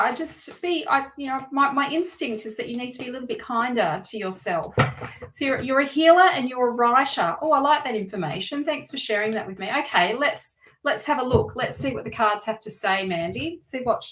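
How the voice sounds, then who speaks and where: A woman's voice: on the high side, animated, moderate pace. A woman doing a live-streamed tarot reading, chatty and encouraging, thinking aloud and correcting herself as she goes. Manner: warm and encouraging toward viewers. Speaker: tarot reader.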